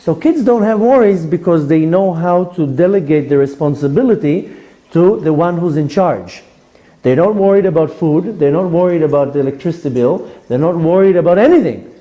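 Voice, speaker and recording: A man's voice: fairly high pitch, animated, normal speed, warm tone, low-quality recording. A male rabbi giving a Torah class in a playful, conversational way.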